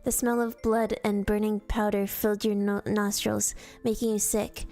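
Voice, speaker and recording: A woman's voice: mid-range voice, level tone, normal speed, dark tone, faint music behind. A woman streamer reading a fan story aloud in a storytelling voice, sometimes stumbling and restarting words. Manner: storytelling read-aloud with casual slips and restarts.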